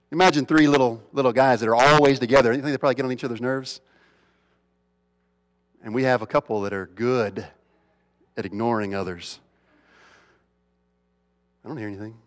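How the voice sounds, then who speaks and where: A man preaching a sermon as a pastor, asking rhetorical questions and swinging between loud emphatic lines and hushed ones. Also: mid-range voice. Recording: long reverb of a large hall.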